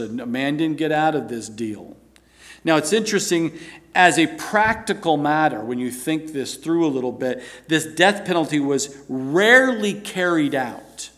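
A man giving an earnest Bible teaching, asking rhetorical questions and reading scripture aloud. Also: medium pitch.

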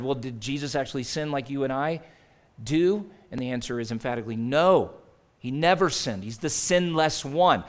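A man preaching a sermon in a conversational way, rising to loud emphasis and dropping to near-quiet asides. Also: a little high. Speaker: pastor.

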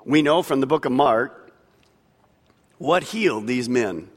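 A man's voice: medium pitch, lively intonation, a little slow. A man preaching a sermon as pastor, with emphatic delivery that swells and drops. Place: large church hall. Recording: long hall reverb.

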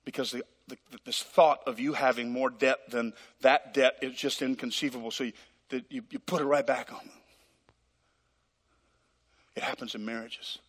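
Recorded live in a church with hall reverb, this pastor's sermon is dramatic, acting out dialogues with God. He speaks at a medium pitch and normal speed, his tone steady and fairly bright with a breathy edge.

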